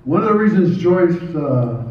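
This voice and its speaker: An older man from Nebraska tells a meandering story from a ceremony stage, stopping often for fillers and restarting his sentences. His voice sits a little high for a man. The sound is dull and distant, and it echoes heavily around a large hall. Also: big pitch swings, measured pace. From Nebraska, USA. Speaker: hall of fame inductee giving an acceptance speech. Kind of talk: rambling acceptance speech storytelling.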